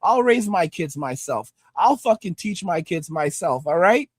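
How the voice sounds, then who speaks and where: A man's voice: sits high, expressive, measured pace, slightly rough, dry recording. A man rants angrily and profanely at his viewers, repeating himself as he lectures them. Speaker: livestream host reading viewer comments. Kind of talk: profane ranting commentary.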